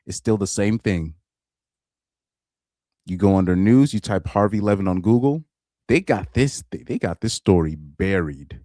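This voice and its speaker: A man's voice: deep voice, unhurried, long pauses, warm tone, dry recording, studio quality. A man casually commenting on a live stream, rambling and repeating himself. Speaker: live streamer reacting to videos.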